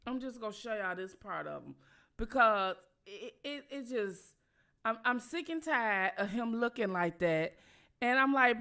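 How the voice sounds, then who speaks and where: Bright-voiced woman ranting casually. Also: sits high, lively intonation, a little slow. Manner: profane, repetitive, emphatic. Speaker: channel host. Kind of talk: casual political commentary.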